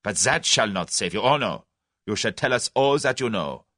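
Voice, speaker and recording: A low-voiced, menacing German conspirator, as an audiobook narrator puts him on, who swings from cold threats to sputtering excitement. The voice sits deep and drops to a hush, recorded close in a dry booth. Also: male voice, moderate pace, no room sound. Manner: menacing, then excitable and baffled. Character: blustering German conspiracy leader, middle-aged man.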